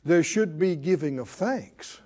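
A man's voice: on the high side, animated, unhurried, warm tone. A man preaching a sermon, who keeps quizzing his listeners with "Huh?". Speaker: preacher and Bible teacher.

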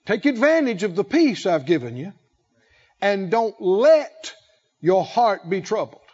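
A male pastor preaching a sermon, emphatic, with drawn-out phrasing and call-and-response. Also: high voice, very animated, darkish tone, lo-fi sound.

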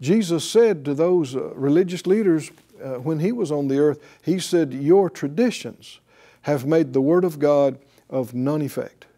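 A middle-aged man teaching the Bible in an emphatic way, slowing down to stress key words. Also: on the high side, warm tone. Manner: emphatic, with deliberate slow stresses.

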